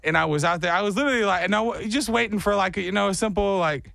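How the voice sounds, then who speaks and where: A man hosting a morning radio show, telling a story in a casual, animated way and jumping into high voices for quoted lines. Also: rapid-fire, creaky, dry recording, studio quality.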